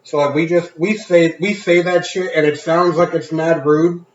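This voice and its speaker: A man's voice: a little high, normal speed, slight background noise. A man in casual chat, telling stories with acted-out quotes and frequent swearing. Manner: animated storyteller acting out quotes, swears freely. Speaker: podcast co-host. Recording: echoey room, dull sound.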